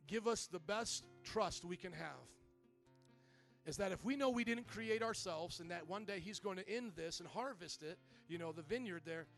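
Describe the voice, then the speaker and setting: A high-pitched man preaching to his church, moving from soft, thoughtful passages to loud, rousing appeals. Gentle guitar plays quietly beneath his voice. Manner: builds from quiet to loud and impassioned. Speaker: pastor. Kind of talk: sermon.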